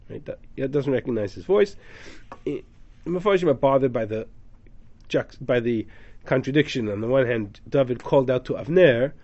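A man's voice: medium pitch, expressive, moderate pace, dark tone. A man teaching a text study class, reading Hebrew verses aloud and translating them dramatically. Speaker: Torah teacher. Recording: dull lo-fi class recording.

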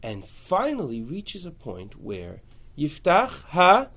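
A man teaching a class on a biblical book, animated, acting out the voices in his quotes. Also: a little high, takes it slowly, breathy edge. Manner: animated, acts out voices in quotes, rising and falling in loudness.

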